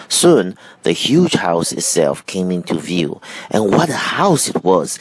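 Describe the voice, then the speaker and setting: A man reading a children's storybook aloud, slow and expressive. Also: sits low, slightly rough, dry recording. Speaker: reader.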